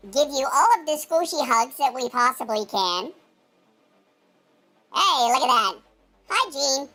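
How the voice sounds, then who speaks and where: A man voicing an excitable, foul-mouthed male squirrel sidekick in a high, squeaky put-on voice. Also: exaggerated voice. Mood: cheeky affirming. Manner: squeaky, rapid, excitable, cursing.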